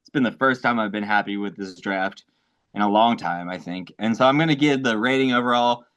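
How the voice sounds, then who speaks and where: Excitable swearing podcast man. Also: fairly low pitch. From American South. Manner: excitable, swearing, quick to laugh. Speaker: podcast co-host. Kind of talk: casual sports chat.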